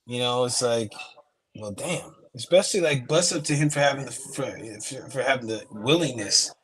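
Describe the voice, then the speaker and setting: A man's voice: mid-range voice, moderate pace, a bit bright, low-quality recording. A man in a casual chat, talking in a laid-back, slangy, rambling way.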